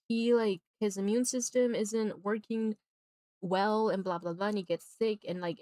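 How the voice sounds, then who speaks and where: A young woman on a livestream talks through a film plot in a loose, rambling way, piling on fillers and small sighs as she goes. Her voice sits at an ordinary middle pitch. The sound is dry and close, with almost no room echo. She turns emphatic and indignant when she gets to her own opinion. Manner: rambling, animated retelling with many fillers and sighs. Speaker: streamer. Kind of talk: casual chat while drawing on a livestream.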